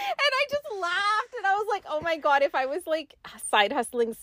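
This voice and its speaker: A woman's voice: extremely high pitch, moderate pace, very noisy. A woman co-hosting a podcast in casual chat, telling stories with quoted dialogue. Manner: animated storytelling with quoted dialogue. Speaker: podcast co-host.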